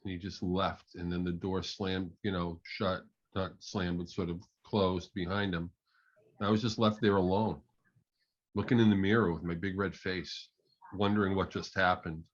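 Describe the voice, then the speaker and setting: A man with a fairly low voice gives an online talk and tells a story in a loose, halting way. His audio sounds muffled and lo-fi, like an online call. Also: little pitch movement. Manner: conversational, halting, many fillers. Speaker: management consultant and keynote speaker.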